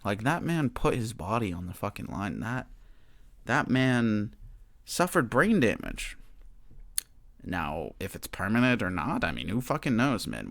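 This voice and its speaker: A man's voice: fairly low pitch, vocal fry, a bit bright, dry recording. A young man hosting a solo podcast, ranting heatedly and swearing a lot. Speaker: podcast host.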